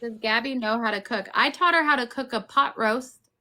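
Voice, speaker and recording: A woman chats loudly and playfully as the host of a group livestream. Her voice sits high and bright. She talks into a phone set well back from her. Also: moderate pace. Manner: loud-talking, jokey. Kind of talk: casual livestream chat. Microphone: phone set far back.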